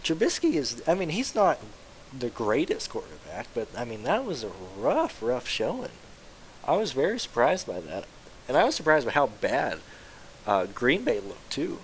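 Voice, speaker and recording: A young man casually streaming about fantasy sports, rambling, excitable and swearing freely. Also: medium pitch, normal speed, poor audio. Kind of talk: casual live-stream chat. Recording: faint hiss.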